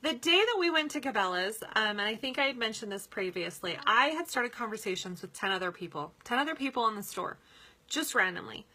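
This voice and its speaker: A chatty, upbeat woman coaching her sales team in a relaxed way. Her voice sits a little high and sounds bright and tense. She laughs often and talks with plenty of fillers. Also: a little fast. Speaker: pet products sales team leader giving a training talk. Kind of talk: casual coaching talk.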